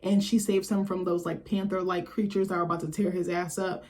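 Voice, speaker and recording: A woman's voice: fairly low pitch, level tone, a little fast, darkish tone. Candid, slangy woman vlogger. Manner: candid, joking, slangy and profane. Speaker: vlogger reviewing a film. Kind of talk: casual commentary.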